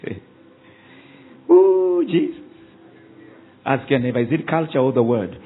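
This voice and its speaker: A man, a pastor preaching a sermon with call-and-response and quick rhetorical questions at a church service. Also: medium pitch, lively intonation, slight background noise. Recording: tinny phone-like sound, faint ambience.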